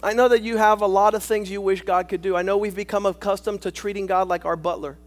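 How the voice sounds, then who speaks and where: A man preaching a sermon, swinging between shouted lines and hushed asides, calling on the congregation for amen. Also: high voice, little pitch movement, quick pace, hardly any pauses. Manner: rhetorical, calls for amen.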